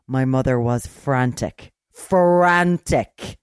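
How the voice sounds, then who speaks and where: A middle-aged Irish podcast co-host telling a story in casual chat, acting out the quoted voices with large swings in pitch and loudness. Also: fairly quick, dry recording, clean studio sound.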